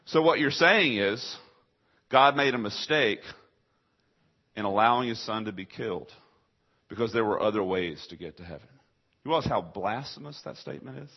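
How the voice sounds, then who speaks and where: Husky-voiced guy preaching, goes quiet and low then loud and high, kinda dull lo-fi recording. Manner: dramatic swings between soft low passages and loud high rising questions; rhetorical call-and-response questions to the congregation. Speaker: pastor. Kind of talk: sermon.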